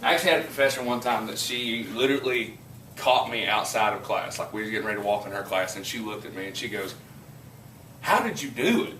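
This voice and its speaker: A man's voice: on the low side, steady tone, fast talker, sharp tone, roomy sound, recorded from a distance, slight background noise, rough recording. A man with a southern West Virginia accent, a chemistry teacher telling rambling, folksy stories to his class and lecturing. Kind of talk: casual classroom storytelling and lecture.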